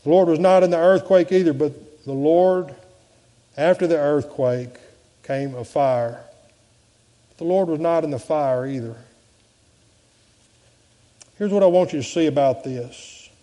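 Pastor preaching, mellow kinda high voice, long echo of a church, goes loud then hushed. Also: male voice, a little slow, pauses often. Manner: dramatic swings between loud and soft delivery. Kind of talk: sermon. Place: church sanctuary.

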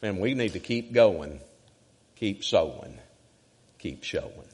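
Emphatic preacher in a reverberant church. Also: male voice, sits low, animated, slow pace, slightly rough. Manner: emphatic, rhythmic preaching, swinging from loud to hushed. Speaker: evangelist. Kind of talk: sermon. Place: church sanctuary. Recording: church sanctuary with long reverb.

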